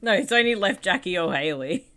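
A woman with a bright, forceful tone riffs on a film as a podcast co-host. Her pitch leaps around as she jokes, curses and laughs with friends. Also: sing-song, a little fast. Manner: joking, swears freely, laughs often. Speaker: podcast co-host watching a movie. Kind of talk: casual movie commentary chat.

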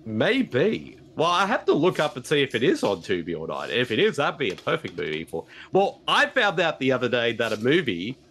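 A man's voice: medium pitch, sing-song, normal speed, few pauses, a bit bright. A man hosting a casual watch-along podcast, chatty and laughing often. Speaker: podcast host.

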